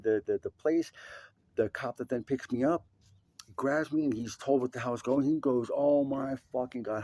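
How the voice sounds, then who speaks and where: A man's voice: mid-range voice, a little mellow, slightly rough. A young man telling a rambling, profane personal story with many restarts. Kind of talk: casual storytelling.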